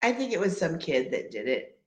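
A middle-aged woman with a lowish voice chats as a guest on a podcast, laid-back and often laughing. Her pitch swings widely as she talks. The sound has a roomy echo to it. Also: sing-song, fairly quick. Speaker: guest, mother of the hosts. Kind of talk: casual chat. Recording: echoey room.

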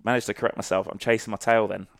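Gravelly man swapping army stories. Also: lowish voice, flat delivery, racing, dry recording, studio quality. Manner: salty, sweary anecdotal storytelling. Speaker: guest, former army sniper. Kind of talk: casual podcast interview.

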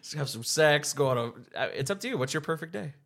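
A man's voice: a little high, animated, fast, fairly bright tone. A young man co-hosting a podcast in casual chat, joking and teasing, swearing and laughing easily. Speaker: podcast co-host.

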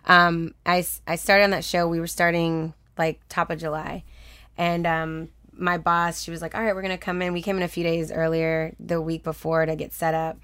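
A lively young woman with a fairly low voice tells a personal story in relaxed conversation. She laughs often and slips into the voices of the people she quotes. The recording is dry and close, with no room sound. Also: normal speed, clear, resonant tone, no echo. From Texas. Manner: chatty, animated, laughs often, acts out quoted dialogue. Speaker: guest.

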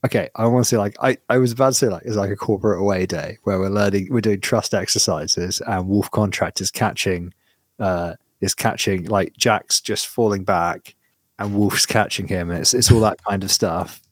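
A man's voice: fairly low pitch, steady tone, normal speed, dry recording, clean studio sound. A man co-hosting a podcast in casual chat, rambling and self-interrupting, laughing often. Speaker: podcast co-host.

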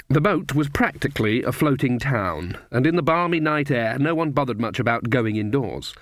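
A man narrates a comic fantasy novel in a measured, wry voice of middle pitch. The recording is dry and close, with no room sound. He reads at an even, steady pace. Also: no room sound. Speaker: audiobook narrator. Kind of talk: scripted narration.

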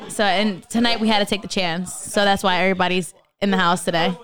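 A woman's voice: medium pitch, fairly even intonation, fast talker, fairly bright tone. Young woman, podcast co-host, casual rambling chat full of fillers. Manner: rambling, lots of fillers and restarts.

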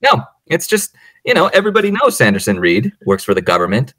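A man's voice: mid-range voice, fast, no room sound. A man co-hosting a podcast, recapping a movie in casual chat, acting out the characters' lines and laughing often. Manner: animated storyteller, acts out quotes, laughs often. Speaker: podcast co-host.

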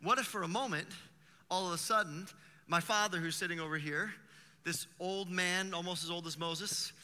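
A man preaching a sermon as pastor, talking in an animated, conversational way with vivid everyday examples. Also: sits high, moderate pace, in a large hall, a little hiss or hum.

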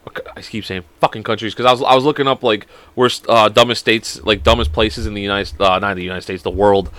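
A man's voice: lowish voice, steady tone, quick pace, a bit bright, no room sound. A young man hosting a casual solo podcast, joking around, rambling and swearing a lot. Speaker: podcast host.

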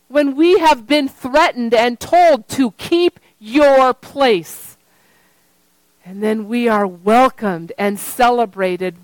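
Slow-preaching high-voiced woman pastor. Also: dry recording, rough recording. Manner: slow, repetitive preaching with a sung refrain. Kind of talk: sermon.

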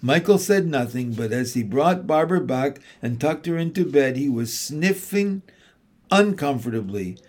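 A man narrating a children's classic as an audiobook, measured and expressive. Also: mid-range voice.

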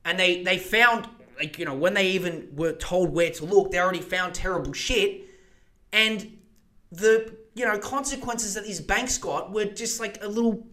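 A man's voice: high voice, normal speed, sharp tone. A young man hosting a podcast, ranting passionately about politics, swearing and speeding up when he gets worked up. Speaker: podcast host. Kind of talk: casual political rant.

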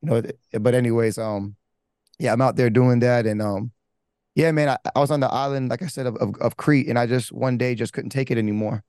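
A pastor tells his life story candidly, rambling in a casual way with slang, fillers, and many restarts. His mid-range voice is fairly quick, clear, and resonant with a darkish tone, in a dry recording with clean studio sound.

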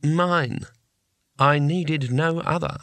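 A man doing a calm, firm wizard leader. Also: on the high side, extremely slow, vocal fry, dry recording, full character voice. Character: calm, decisive senior male wizard.

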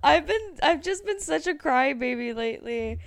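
A young woman with a high voice bantering on a podcast. She talks playfully and giggles often. The sound is close and dry. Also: lively intonation, moderate pace, creaky, no room sound. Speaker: podcast co-host. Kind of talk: casual chat.

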